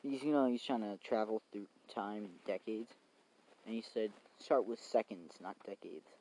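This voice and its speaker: A man's voice: fairly low pitch, moderate pace, warm tone, rough recording. A young man vlogging outdoors in the cold rain, recapping a show in a rambling, casual way with lots of fillers and swearing.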